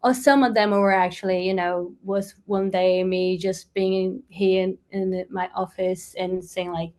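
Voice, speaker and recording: A woman's voice: medium pitch, level tone, measured pace, a little mellow. A woman from Brazil with a Brazilian accent, a musician chatting casually as an interview guest, rambling with lots of fillers.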